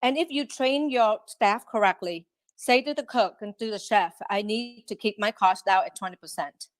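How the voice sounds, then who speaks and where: A woman running a restaurant, a guest on a podcast interview, talking in an animated way and often acting out quick quotes. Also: medium pitch, dry recording. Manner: animated, quotes herself and staff in lively asides.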